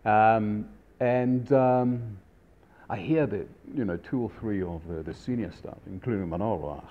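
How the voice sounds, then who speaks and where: A man's voice: on the low side, measured pace, phone-quality sound. A middle-aged man casually telling a rambling anecdote with many fillers and restarts. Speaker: storyteller, restaurant industry veteran.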